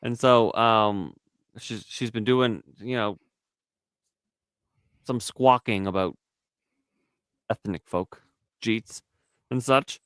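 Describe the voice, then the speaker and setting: A man's voice: lowish voice, takes it slowly, long pauses, a bit bright, smooth, dry recording. A man, hosting a podcast and telling long, rambling, profane stories in casual chat. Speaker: podcast co-host.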